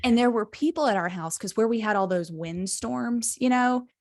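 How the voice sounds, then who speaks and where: A woman podcast co-host in her thirties, chatting casually and telling an animated story, swearing freely. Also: on the high side, normal speed, no echo, clean studio sound. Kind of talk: casual chat.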